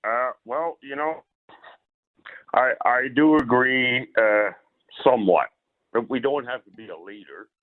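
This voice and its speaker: A man from Ontario, calling into a radio show, polite and halting but firm. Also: mid-range voice. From Ontario, Canada. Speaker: caller. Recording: tinny phone line.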